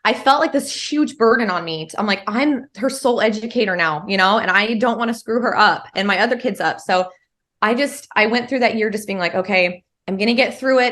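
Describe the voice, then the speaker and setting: A woman's voice: mid-range voice, fairly bright tone. A woman in her thirties from California, a mother of three, telling her story in casual conversation with many fillers. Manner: chatty, frequent fillers like "um" and "like". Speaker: interview guest, homeschooling mother of three.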